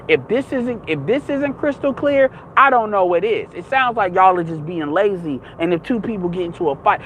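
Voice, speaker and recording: A man's voice: sits high, a little hiss or hum, rough recording. A young man ranting in a casual, heated, rambling monologue, swearing often.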